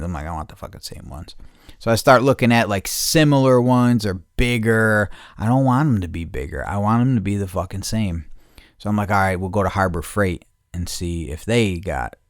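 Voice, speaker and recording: Recorded in studio quality without any room sound, this low-voiced podcast host rambles through casual stories. He's profane and restless, cursing often and going over the same things again and again.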